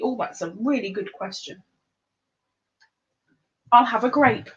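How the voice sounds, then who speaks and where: A woman hosting a live-streamed trivia game, chatty and playful, reading the questions out slowly. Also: on the high side, a bit bright, lo-fi sound. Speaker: livestream quiz host.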